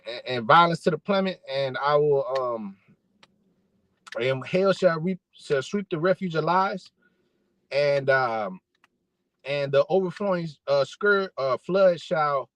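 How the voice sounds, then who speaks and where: A man's voice: on the high side, a bit bright, low-quality recording. A man giving an angry, profane religious rant to camera as an online preacher, repeating himself and restarting often. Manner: profane, repetitive, many fillers and restarts.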